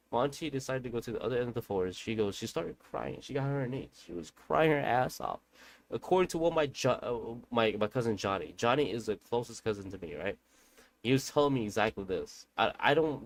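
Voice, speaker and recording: A man's voice: medium pitch, poor audio. A young man telling a family ghost story casually, rambling and often correcting himself as he goes. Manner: rambling, self-correcting, conversational.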